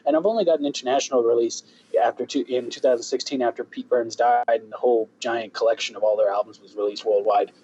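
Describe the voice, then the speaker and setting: Give me a rambling, playful man from Florida with a dark, muffled sound. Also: medium pitch, steady tone, fast talker, a little hiss or hum. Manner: rambling, joking, playful asides. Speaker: co-host. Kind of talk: casual gameplay chat.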